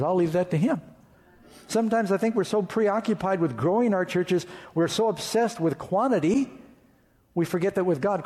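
A man's voice: high-pitched, dark tone. A man pastor preaching an emphatic sermon and reading scripture aloud. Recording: reverberant hall.

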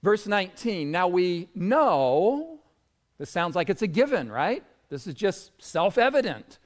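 Brief: male pastor, slightly higher voice, unhurried sermon delivery with lots of swing in pitch. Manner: animated storytelling preacher.

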